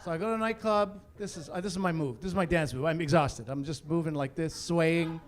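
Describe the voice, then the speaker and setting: A middle-aged man from Canada performs stand-up comedy in a fairly high voice. He tells his stories with animated energy, breaking into loud, exasperated outbursts and putting on the voices of the people in them. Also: a little fast.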